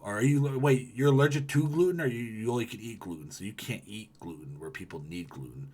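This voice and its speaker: A livestreamer with a lowish, husky voice chats casually and briskly with his viewers, reading their comments aloud. He rambles and swears, breaking into loud ranting bursts.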